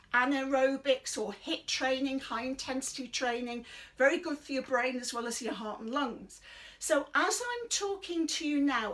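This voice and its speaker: A middle-aged British woman leading a chair exercise class in a chatty, rambling, encouraging way, breathing deeply and a little out of breath. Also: a bit bright, slight background noise. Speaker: fitness instructor. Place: indoors under a big light.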